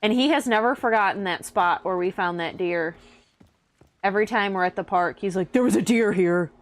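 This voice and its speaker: A woman's voice: medium pitch, moderate pace. Chatty woman co-hosting a game stream. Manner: chatty storyteller, reads chat aloud. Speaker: stream co-host. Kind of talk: casual chat on a game stream.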